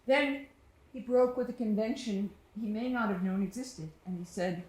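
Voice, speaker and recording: A woman's voice: medium pitch, a little mellow, a little hiss or hum. Woman telling a tender story on stage. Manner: tender, reflective, lingering pauses. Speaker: solo performer. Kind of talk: theatrical storytelling monologue. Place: small studio theater stage. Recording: echoey theater room.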